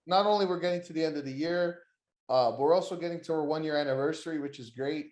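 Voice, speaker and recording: A man's voice: a little high, quick pace, a little mellow, echoey room. Rambling, crude man hosting a wrestling podcast. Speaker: podcast host. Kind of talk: casual wrestling podcast chat.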